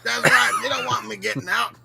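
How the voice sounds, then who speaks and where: Podcast comedy bit: a shouty, foul-mouthed crank, very high and gravelly. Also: male voice, wildly swooping pitch, a little fast, heavily acted. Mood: ranting. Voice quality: dry, gravelly voice. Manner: shouting, profane, boastful rants. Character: crude loudmouth older man ranting, foul-mouthed. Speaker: regular show character answering questions.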